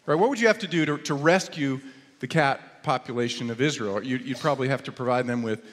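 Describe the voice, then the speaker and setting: A man's voice: medium pitch, brisk. Man preaching in a reverberant church hall. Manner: storytelling with humor, rising into lively exclamations. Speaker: pastor. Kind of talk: sermon. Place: church sanctuary.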